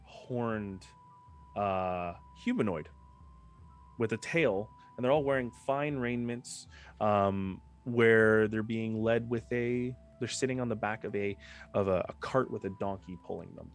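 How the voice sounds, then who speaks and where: A man narrating a tabletop game as game master, describing scenes in a halting way and restarting his sentences. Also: on the low side, soft background music. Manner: halting, with many fillers and restarts.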